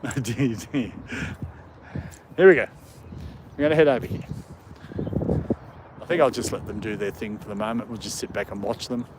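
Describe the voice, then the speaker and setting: A man with a medium-pitched voice and an Australian British accent hosts a casual live stream on his phone from an outdoor park. He rambles and chuckles while chatting with viewers and his dogs, with slight background noise.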